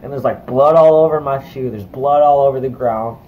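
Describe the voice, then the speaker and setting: A man's voice: medium pitch, narrow, tinny audio. A young man heatedly recounting a fight in a casual vlog, full of profanity and fillers. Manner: heated, profane, rapid retelling with many fillers. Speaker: vlogger. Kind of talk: casual storytelling to camera.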